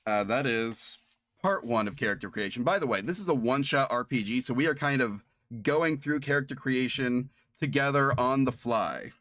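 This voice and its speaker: A man's voice: medium pitch, moderate pace, a bit bright, dry recording. A man streaming as game master of a tabletop playtest, laughing often and rambling through restarts. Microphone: streaming mic.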